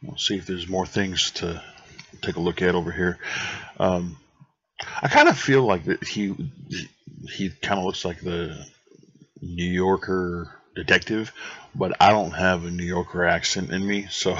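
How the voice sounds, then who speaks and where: A man gives let's play commentary in a low, husky voice, rambling and cracking jokes between restarts. The sound is dry and close, on a dull, lo-fi home mic. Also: fairly even intonation, unhurried, a bit bright. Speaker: gaming channel host.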